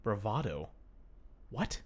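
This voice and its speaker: A podcast co-host chats in an easygoing, laid-back way. The voice sits in a middle pitch but moves around a lot, with plenty of ups and downs. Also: very animated, slow, breathy edge. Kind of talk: casual chat.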